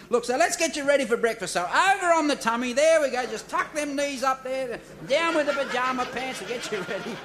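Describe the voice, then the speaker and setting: A man's voice: very high voice, animated, fairly quick, fairly bright tone. A man doing a jolly, bossy hospital doctor. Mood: cheerful. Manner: jolly, bossy bedside patter. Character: brisk, cheerfully callous male hospital doctor. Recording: live stage with audience and noise.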